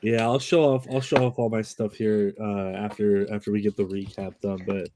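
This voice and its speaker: A man's voice: fairly low pitch, normal speed, noisy background. A man hosting a casual chat, animatedly telling convention stories and acting out quotes. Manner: animated storytelling with quoted voices and swearing. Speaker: channel host.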